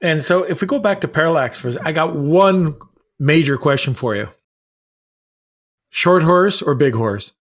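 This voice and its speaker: Higher-voiced male podcast host. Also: lively intonation, measured pace, pauses often, fairly bright tone. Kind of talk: casual interview questions.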